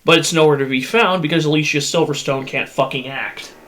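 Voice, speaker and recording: A man hosting a laid-back movie discussion, and his voice comes across bright and forceful. He rants bluntly with plenty of swearing, recorded close on a USB podcast microphone. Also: a little high, brisk. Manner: blunt, profane ranting. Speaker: podcast host.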